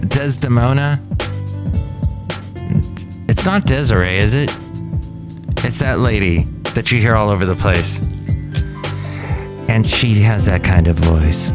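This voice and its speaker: Slow, low-voiced rambling podcast host. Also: male voice, music in the background. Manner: rambling, digressive, self-interrupting. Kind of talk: casual solo podcast monologue.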